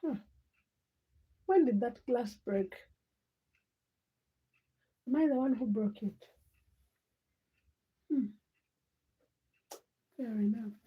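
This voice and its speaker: A woman's voice: on the high side, very slow, long pauses, husky, narrow, tinny audio. A young woman hosting a casual late-night livestream, chatting and teasing viewers by name as she reads their comments. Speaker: livestream host.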